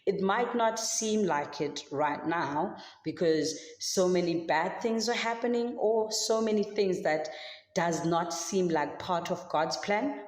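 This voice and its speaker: A woman's voice: lowish voice, slow pace, a little mellow. A woman teaching a Sunday school Bible story to children in a casual, chatty way with many fillers. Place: church hall. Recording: echoey church hall.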